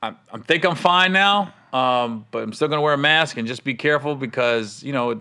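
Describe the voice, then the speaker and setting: Bright, animated male comedian. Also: medium pitch, brisk, clear, resonant tone. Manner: animated storyteller, acts out quotes. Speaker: comedian and podcast host. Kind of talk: casual chat.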